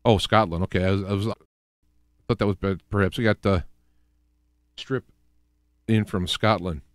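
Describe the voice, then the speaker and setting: A man from the US Midwest, with a Midwestern accent, hosts a casual solo radio talk show, rambling through examples with many restarts and fillers. His fairly low voice is steady and at normal speed, captured in clean studio sound with no echo.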